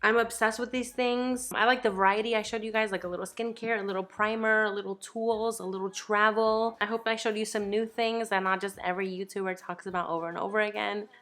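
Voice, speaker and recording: A woman's voice: mid-range voice, steady tone, brisk, few pauses, fairly bright tone. A young woman chatting casually in a beauty vlog, bubbly and rambling, joking about herself. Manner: bubbly, rambling, self-deprecating with laughs. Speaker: beauty YouTuber.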